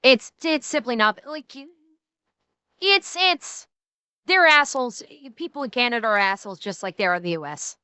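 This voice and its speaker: A woman's voice: a little high, expressive, moderate pace, sharp tone, clear, resonant tone, no echo. A woman co-hosting a reaction stream in casual chat, blunt and profane, often restarting her sentences.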